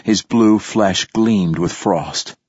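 A man narrating a story in the first person, in a steady, measured way. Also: fairly low pitch, slightly rough, no room sound. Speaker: audiobook narrator. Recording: dull lo-fi dry recording.

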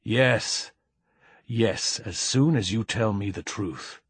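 A man voicing a composed male diplomat who speaks in a measured, formal way in an audiobook reading. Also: lowish voice, husky, no room sound. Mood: coldly insistent. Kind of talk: audiobook character voice.

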